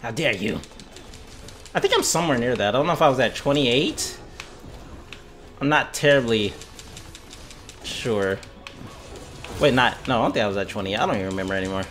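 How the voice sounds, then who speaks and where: A man streaming a video game live, joking, swearing and shouting at the action as it happens. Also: medium pitch, fairly quick, long pauses, faint music behind. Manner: excitable, swearing, jokey, yelling at the game. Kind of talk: live gameplay commentary.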